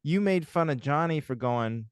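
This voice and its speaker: A young man co-hosting a podcast in casual, jokey chat, arguing playfully and telling stories with a slightly husky throat. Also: on the high side, expressive, normal speed, dry recording, clean studio sound. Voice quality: husky, like a smoker's voice right now. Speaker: podcast co-host.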